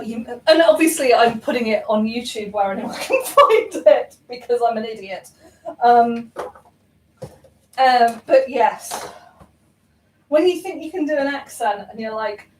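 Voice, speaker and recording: A woman's voice: a little high, expressive, unhurried, a little hiss or hum. A young woman chatting casually while baking at home, rambling and self-mocking with lots of ums and laughs. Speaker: baking vlogger. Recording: roomy kitchen, voice from far off.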